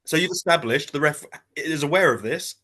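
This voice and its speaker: A man, co-hosting a casual wrestling chat and retelling a match in an animated way, jumping into quoted voices. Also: a little high, a little fast. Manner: animated storytelling, acting out quotes in shifting voices. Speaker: wrestling podcast co-host.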